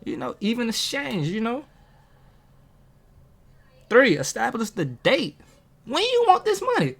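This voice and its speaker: A man's voice: very high-pitched, wildly swooping pitch, measured pace, creaky. Preachy man firing questions at viewers. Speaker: motivational video host. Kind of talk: casual motivational talk to camera. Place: at a table, self-filmed. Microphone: camera on a table.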